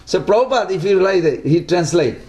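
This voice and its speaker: A man giving a devotional talk to a small group in simple, broken English, often asking lively rhetorical questions. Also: high voice, quick pace, roomy sound. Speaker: devotional speaker.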